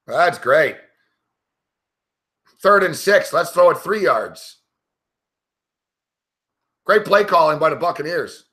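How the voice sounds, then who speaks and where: A man's voice: on the high side, bright, forceful tone. Profane, frustrated man ranting at a game. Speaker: sports betting analyst. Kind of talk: live game reaction commentary.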